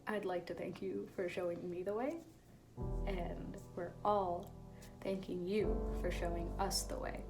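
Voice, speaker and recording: Teen girl, choir senior, choking up mid-speech, loud music bed. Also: on the low side, fairly even intonation. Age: teens. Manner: tearful, halting, laughing through emotion. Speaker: graduating show choir senior. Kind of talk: emotional farewell message.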